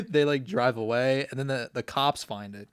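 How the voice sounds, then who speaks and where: A man as a podcast guest, telling stories in an animated, profane, casual way. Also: mid-range voice, moderate pace, clean tone, no room sound, clean studio sound. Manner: animated storyteller, swears freely. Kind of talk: casual chat.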